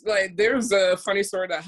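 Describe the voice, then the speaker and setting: Woman, American, young adult, podcast co-host, casual chat, animated storytelling. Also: medium pitch. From United States. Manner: animated storytelling, acting out quotes.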